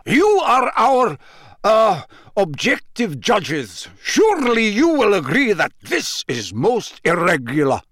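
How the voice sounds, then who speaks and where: A man reading an audiobook, voicing an unctuous, disdainful headmaster who turns angry, in a raised and forceful voice. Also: high-pitched, very animated, unhurried, no echo, studio quality, voice pushed up, exaggerated voice. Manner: oily, disdainful, then angry.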